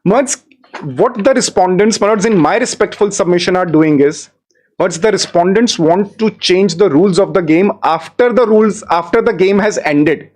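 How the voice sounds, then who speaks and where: Speaking for himself in a live-streamed courtroom, a man addresses the judges with formal deference, repeatedly appealing to the bench before becoming insistent on his point. His voice is high-pitched yet darkish in tone, at a normal pace.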